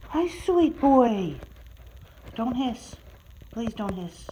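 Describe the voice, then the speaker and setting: A woman pet sitter coos at a cat in a client's home, her voice pitched a little high and swooping all over. She talks slowly and stretches her words into sing-song baby talk. She films the visit on a handheld phone. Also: sing-song, dark tone, slight background noise, poor audio. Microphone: handheld phone camera.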